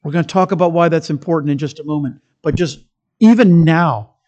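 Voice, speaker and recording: A man's voice: on the high side, a little fast, muffled recording. Man, pastor, sermon, church, emphatic, conversational storytelling. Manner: emphatic, swings between loud stresses and quiet asides.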